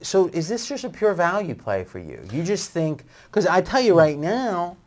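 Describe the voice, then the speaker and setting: A man's voice: high voice, sing-song, normal speed. A man hosting a sports betting show, pushing back on his guest and arguing his point.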